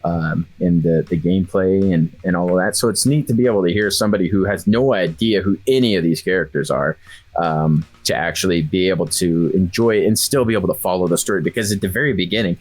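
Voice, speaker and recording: A man's voice: low-pitched, steady tone, quick pace. A man co-hosting a podcast in casual chat, telling rambling stories with a lot of fillers. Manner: rambling storyteller with frequent fillers. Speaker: podcast co-host.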